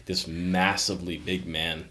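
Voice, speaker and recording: A middle-aged Canadian company founder tells stories in a casual interview, speaking in a deep voice without hurrying. His anecdotes are animated, and he acts out the voices of the people he quotes.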